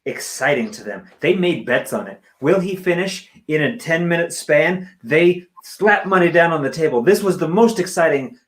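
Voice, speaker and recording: A man performing improv comedy, narrating a made-up story in a playful, drawn-out way. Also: on the high side, expressive, a bit bright.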